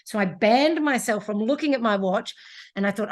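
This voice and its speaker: A woman co-hosting a running podcast in casual chat, talking in an animated way and laughing often. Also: fairly high pitch, moderate pace. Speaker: podcast co-host, running coach.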